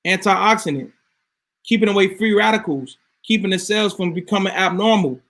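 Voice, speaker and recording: A man's voice: high-pitched, normal speed, fairly bright tone. A man ranting casually to his viewers, emphatic and swearing freely. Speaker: vlogger. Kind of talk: casual rant to camera.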